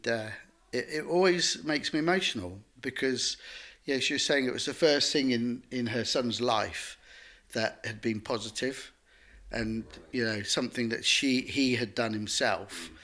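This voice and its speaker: Man, podcast guest, lively storyteller, rambling, lots of restarts. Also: mid-range voice. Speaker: guest artist. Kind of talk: conversational storytelling.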